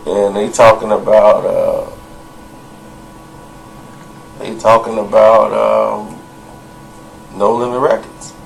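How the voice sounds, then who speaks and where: Gravelly man rambling through a story. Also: fairly low pitch, fairly even intonation, takes it slowly, a little hiss or hum, low-quality recording. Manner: rambling, hesitant narration. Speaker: commentator in the reviewed video. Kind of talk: casual storytelling commentary.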